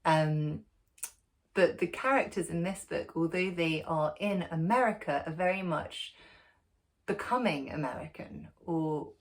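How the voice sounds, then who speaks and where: Chatty woman with a lowish voice. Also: measured pace. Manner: chatty, warm asides, many ums and restarts. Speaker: book club host. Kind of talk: casual book review to camera. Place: at home, sitting in a dog's bed.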